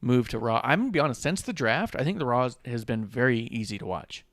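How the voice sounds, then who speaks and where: A man co-hosting a casual podcast chat over a video call, enthusiastic and opinionated and quick to laugh. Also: medium pitch, expressive, a bit bright, dry recording, clean studio sound. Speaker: podcast co-host.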